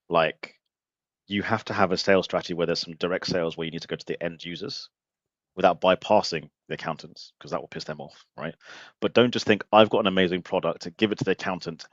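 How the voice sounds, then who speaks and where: A man's voice: low voice, no room sound, highs cut off. A man hosting a live-stream interview, blunt and joking, with emphatic opinions and mild swearing. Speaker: podcast host.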